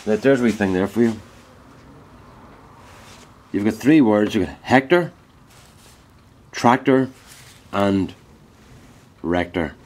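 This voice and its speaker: A deep-voiced man talks casually in his woodworking shed. He rambles in a folksy, easygoing way and often corrects himself mid-sentence. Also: lively intonation, takes it slowly, long pauses, a little mellow. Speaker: woodturner. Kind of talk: casual workshop vlog.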